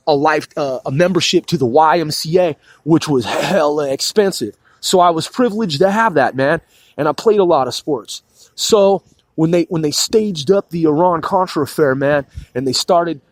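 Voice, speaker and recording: Slightly high-voiced man rambling profanely. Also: dry recording. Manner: rambling and profane, fills every pause with "man". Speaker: podcast host. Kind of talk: casual solo monologue.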